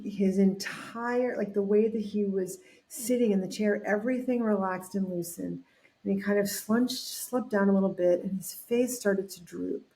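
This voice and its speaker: A woman talks as a guest on a podcast, her voice mellow and warm. She tells a personal story with animation, drops into the voices of the people in it, and restarts phrases as she thinks. Her pitch sits in the middle range. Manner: animated storyteller acting out quotes, frequent restarts.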